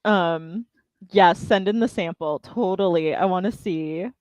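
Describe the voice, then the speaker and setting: A woman's voice: fairly low pitch, a little slow, dry recording. A woman hosting a writing livestream, chatting casually and laughing often. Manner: giggly, animated, laughs often. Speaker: livestream host.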